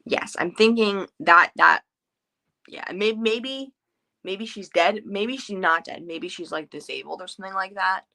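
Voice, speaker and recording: Bright-voiced woman chatting about a book. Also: mid-range voice, a little slow, vocal fry. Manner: chatty, many filler words and restarts. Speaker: book club host. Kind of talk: casual book chat.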